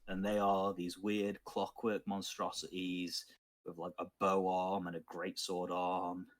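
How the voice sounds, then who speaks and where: A man narrating as game master of a tabletop game, unhurried and pausing often with fillers. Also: deep voice, flat delivery. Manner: unhurried, thoughtful, with many filler pauses.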